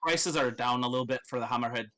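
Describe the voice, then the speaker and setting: Man as game master, loose, profane, laughing, bright voice. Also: mid-range voice, fast. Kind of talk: narrating a tabletop game.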